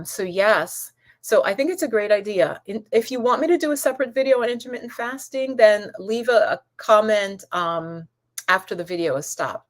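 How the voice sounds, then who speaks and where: A woman hosting a holistic wellness channel, chatting casually on a live stream, answering comments and calling viewers goddess and my love. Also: medium pitch. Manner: rambling, with many restarts and asides.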